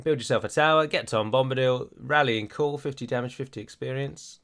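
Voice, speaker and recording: An English man narrating his own playthrough of a strategy game. He talks casually at a middling pitch and drifts into chatty asides as he plays. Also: fairly quick, a bit bright. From England. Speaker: gaming YouTuber. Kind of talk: let's play commentary.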